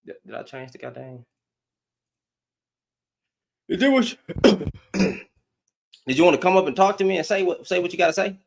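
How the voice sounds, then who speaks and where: A man hosting a livestream, talking in a confrontational, animated way. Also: sits high, moderate pace, vocal fry, long pauses. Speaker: livestream host. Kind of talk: heated livestream talk.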